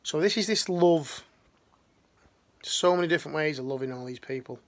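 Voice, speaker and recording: Middle-aged man, ex-military life coach, gravelly, slangy and heartfelt, restarts a lot. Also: a little high, normal speed. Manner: earnest, slangy, rambling with restarts. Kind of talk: emotional motivational talk.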